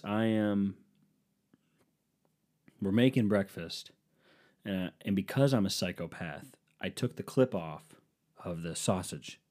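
A man's voice: medium pitch, warm tone. A man telling a comic personal story in a rambling, profane, self-deprecating way. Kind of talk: casual comedic storytelling.

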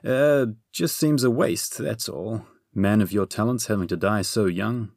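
A man's voice: fairly low pitch, unhurried, creaky, darkish tone, no echo, clean studio sound. A man voicing a cheeky, chatty young hero with a scheming streak in a storybook reading. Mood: breezy. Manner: chatty, upbeat.

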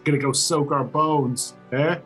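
A man's voice: on the high side, steady tone, a little slow, a bit bright, faint music behind. A man playing a tabletop game, playful in casual banter. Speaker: player.

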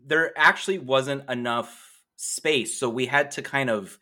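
A man co-hosting a podcast in casual chat, excitable and gleeful, often hedging his guesses. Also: mid-range voice, measured pace. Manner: excitable and gleeful, hedging with "maybe" and "I don't know". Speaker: podcast co-host.

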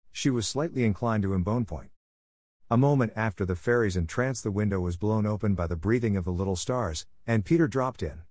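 A man narrating a classic children's story as an audiobook, in a measured storyteller's delivery. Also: on the low side, a little mellow, no echo, studio quality.

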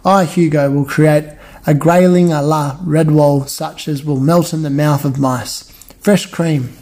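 A man voicing a fat, jolly male mouse friar who fusses over food and exclaims slowly and with relish. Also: on the high side, fairly even intonation, warm tone. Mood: excited.

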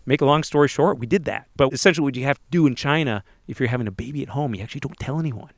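In a dry, studio-quality recording, a man with a mid-range voice co-hosts a podcast. He recounts a personal story in casual interview style, playing out what others said in quick little voices.

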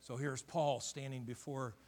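A man's voice: mid-range voice, steady tone, a little slow, darkish tone. A middle-aged man preaching a sermon as pastor, building to fervent emphasis.

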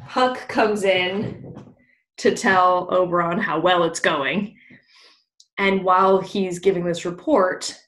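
Animated woman recapping a play, echoey room. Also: fairly low pitch. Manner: animated, laughing, swearing, acts out lines. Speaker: podcast co-host. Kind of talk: casual plot recap.

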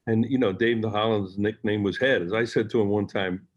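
Older man, low husky voice, dull lo-fi audio, storytelling, reminiscing. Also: fairly even intonation, a little fast. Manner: storytelling, acts out quotes. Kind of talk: reminiscing conversation.

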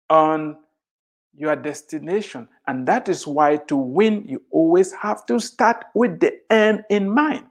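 An emphatic motivational speaker addresses the crowd, hammering points home by repeating them. The delivery swings between loud declarations and quiet asides, driven by rhetorical questions. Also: mid-range voice. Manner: emphatic, repeats lines for effect.

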